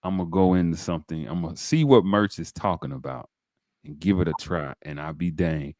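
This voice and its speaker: Deep voiced guy hosting a podcast, all fired up, talks right to the viewers, dry mic. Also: normal speed, no echo. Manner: animated, preacher-like, addresses viewers directly. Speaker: podcast host. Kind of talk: enthusiastic interview talk.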